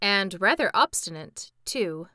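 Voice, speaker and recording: A woman reading out the lines of an excitable young boy in a storybook, exclaiming loudly. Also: mid-range voice, unhurried, no echo, clean studio sound. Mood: coaxing.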